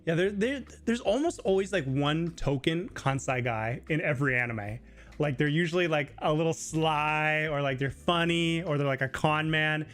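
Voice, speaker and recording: A man hosting a casual live Q&A stream, talking loosely with lots of fillers and sometimes mimicking other people in a high voice. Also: moderate pace, a bit bright. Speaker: livestream host.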